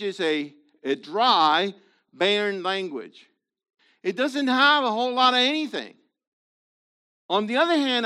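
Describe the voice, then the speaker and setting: Male Bible class teacher, high bright voice, slow and halting, informal explaining tone. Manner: halting, explanatory, checks in with listeners. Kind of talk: informal Bible study lesson.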